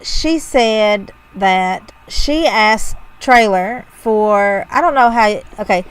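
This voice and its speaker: A woman's voice: medium pitch, slow pace, clear, resonant tone, poor audio. A woman co-hosting a podcast in casual chat, wry and self-deprecating as she retells odd news stories. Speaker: podcast co-host.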